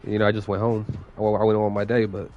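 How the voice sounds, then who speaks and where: A fast-talking young man with a monotone voice on the low side chats casually on stream, with lo-fi sound and slight background noise. Getting over a cold, he coughs from time to time and rambles profanely, overusing "like" and other fillers.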